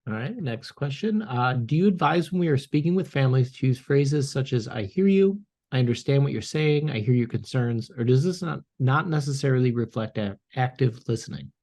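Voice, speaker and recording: A man's voice: mid-range voice, expressive, fairly quick, hardly any pauses, warm tone. A man moderating a webinar, plainly reading out audience questions. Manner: plain, reads questions aloud.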